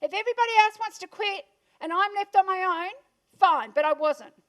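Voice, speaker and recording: A woman's voice: very high-pitched, a little fast, a bit bright. An Australian woman giving a motivational talk to a live audience in a room, punchy and full of questions for the listeners. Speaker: motivational speaker.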